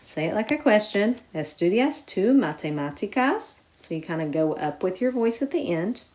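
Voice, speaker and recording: A woman teaching a recorded lesson, explaining each step clearly and putting stress on key words. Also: medium pitch, expressive, fairly quick, a little mellow. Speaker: Spanish teacher.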